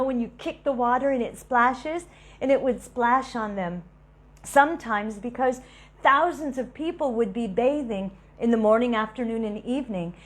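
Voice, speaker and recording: Woman storyteller at a devotional talk, slightly high voice, lively. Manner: animated storyteller, laughs between stories. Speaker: devotional speaker.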